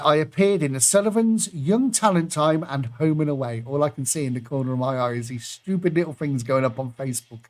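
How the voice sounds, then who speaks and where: A man hosting an online pub quiz from his computer, reading out clues and laughing at his own slip-ups. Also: on the high side. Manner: self-deprecating, chatty, fumbles and laughs at own mistakes. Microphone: computer microphone.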